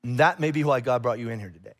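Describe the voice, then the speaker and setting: A man preaching a sermon to a church congregation in a conversational, animated way, acting out little exchanges of dialogue. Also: mid-range voice, racing. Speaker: pastor. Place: church auditorium.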